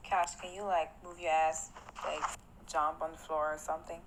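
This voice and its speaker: A young woman livestreaming from her home, talking to her viewers in a jumpy, excitable way and pleading with them and her dog. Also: low-pitched, moderate pace, noisy background. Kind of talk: casual livestream chat. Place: home at night.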